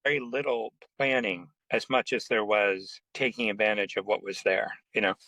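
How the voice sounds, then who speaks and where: A man telling lively anecdotes in a casual interview, acting out the people in his stories. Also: on the low side, no echo, low-quality recording. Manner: animated anecdotes with quoted voices, quick asides. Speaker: interview guest, comics writer. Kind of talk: casual storytelling.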